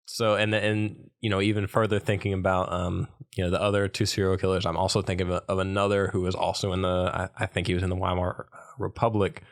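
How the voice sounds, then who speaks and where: Man, very deep voice, gravelly, rambling podcast co-host. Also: level tone, fast talker, few pauses. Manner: rambling, hesitant, many fillers. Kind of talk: casual chat.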